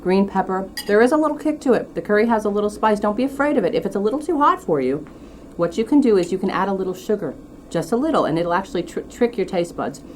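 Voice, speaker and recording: A woman's voice: medium pitch, expressive, quick pace, a little hiss or hum. A woman hosting a cooking show, demonstrating a dish in a chatty, enthusiastic way with light teasing.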